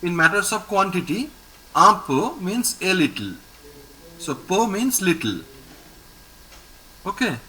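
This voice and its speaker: A man's voice: sits high, very animated, slow, long pauses, sharp tone, low-quality recording. A man teaching a French lesson. He repeats words patiently and praises his student often. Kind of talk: online language lesson with a student.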